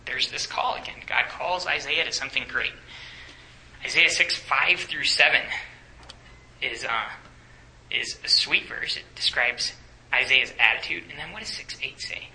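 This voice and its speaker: A man preaching a sermon to students, animated and often dropping to a whisper for emphasis. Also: fairly high pitch, moderate pace, slight background noise, poor audio. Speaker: campus ministry speaker.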